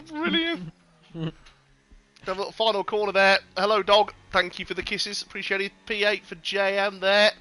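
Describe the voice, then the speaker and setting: Casual stream commentator: a man with a bright, crisp voice and a fairly high pitch, recorded dry, excitable and sweary. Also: unhurried, long pauses. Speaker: sim racing commentator.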